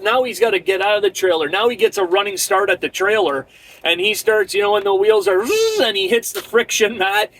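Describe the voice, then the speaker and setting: A middle-aged male trucker with a fairly high voice rants about a rough day on the road. He swears constantly and rambles through restarts and asides as he vents about his load. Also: fairly bright tone, rough recording. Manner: profane, rambling, frustrated storytelling. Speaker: truck driver. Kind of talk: casual ranting vlog.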